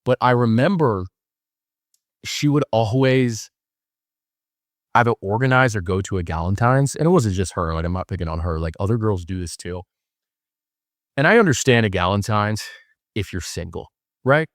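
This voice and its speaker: Young man, deep voice, casual storytelling, joking, filler words, dry close sound. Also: lively intonation, normal speed, long pauses, dry recording. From Wisconsin. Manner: loose and joking, lots of fillers, acts out voices in quotes. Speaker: podcast host.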